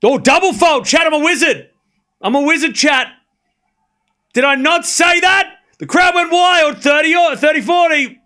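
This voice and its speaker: A man calling a tennis match live for his stream, calling out the score and chatting with his viewers in a casual, excitable way. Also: very high-pitched, moderate pace. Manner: excitable, calls the score, chats with viewers, shouts at big points. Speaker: streamer doing live tennis watchalong commentary.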